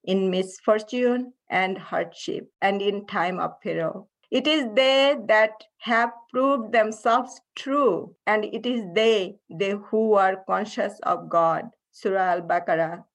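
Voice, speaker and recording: A middle-aged woman giving an online Friday sermon, earnest and emotional. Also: mid-range voice. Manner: slow, earnest, emotional delivery. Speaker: khateebah delivering a Friday sermon. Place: at home, online service.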